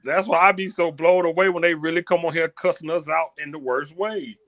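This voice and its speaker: A man's voice: on the high side, steady tone, brisk, crowd noise. A man on a casual podcast chat, joking and teasing in slangy talk.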